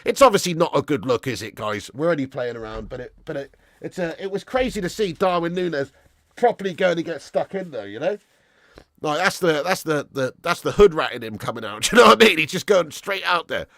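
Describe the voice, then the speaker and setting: A young man hosting a casual live stream, bantering excitedly with chat, swearing and laughing. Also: on the high side, fairly quick, dry recording, studio quality. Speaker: livestream host.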